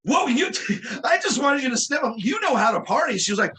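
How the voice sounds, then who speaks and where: A man performing a comedic storytelling magic act over a video call, playful and teasing with quick asides. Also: very high-pitched, big pitch swings, sharp tone, a little hiss or hum. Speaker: stage magician.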